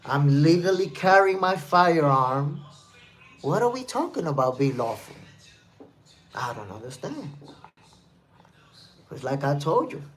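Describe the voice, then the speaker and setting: A man's voice: on the high side, animated, moderate pace, fairly bright tone. A man from New City, hosting a live stream and giving casual commentary while reading the chat, emphatic and repetitive. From New York City. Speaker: livestream host.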